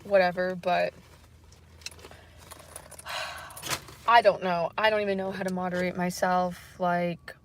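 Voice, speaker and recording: A woman's voice: lowish voice, flat delivery, slow, pauses often, a little hiss or hum. Hesitant woman rambling on a livestream. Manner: hesitant, rambling, many fillers; soft, unsure, apologetic. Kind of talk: casual livestream chat.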